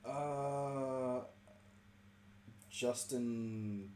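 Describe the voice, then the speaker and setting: A man's voice: medium pitch, fairly even intonation, extremely slow, warm tone, reverberant, a little hiss or hum. A man in casual chat, making dry, wry remarks.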